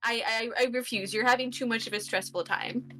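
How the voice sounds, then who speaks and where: Woman doing an earnest, bright-voiced teen girl, insistent and rambly. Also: on the high side, steady tone, brisk, low-quality recording. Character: eager, earnest teenage girl.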